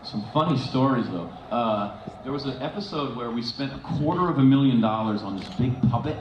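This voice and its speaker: A man answering fan questions on a convention stage, telling lively stories with many restarts and frequent laughs. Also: medium pitch, brisk. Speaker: convention panel guest. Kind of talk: casual stage Q&A storytelling. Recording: echoey hall, dull, noisy fan recording.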